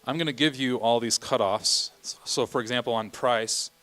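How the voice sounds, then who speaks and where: A man's voice: mid-range voice, normal speed, fairly bright tone, low-quality recording. A man directing a choir rehearsal, counting beats and singing bits of phrases as he coaches the singers. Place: church rehearsal room.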